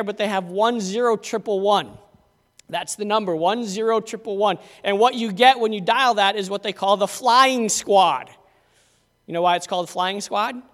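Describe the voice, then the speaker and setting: A man's voice: high-pitched, fairly bright tone. A man preaching a conversational sermon as pastor, telling stories in a folksy way. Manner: folksy storytelling. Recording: long hall reverb.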